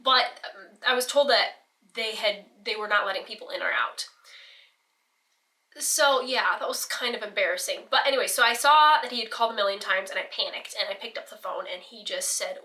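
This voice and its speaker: A woman's voice: a little high, moderate pace, sharp tone, recorded from a distance. A teenage girl telling a personal story in a rambling, self-deprecating way, laughing often. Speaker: vlogger. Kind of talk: casual storytelling.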